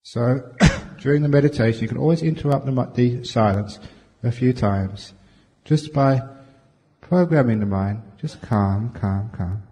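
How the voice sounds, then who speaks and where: A man's voice: mid-range voice, normal speed, warm tone. A man giving a humorous dharma talk as a meditation teacher, answering questions with jokes and chuckles. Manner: playful, jokey storytelling with chuckles. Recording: long reverb from a large hall.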